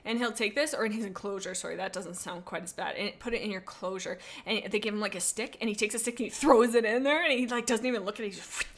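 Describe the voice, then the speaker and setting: A woman's voice: medium pitch, fast. Goofy, rambling woman streamer. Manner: rambling and self-interrupting, with many restarts and asides; playful, goofy. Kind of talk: casual live-stream chat, reading viewer comments.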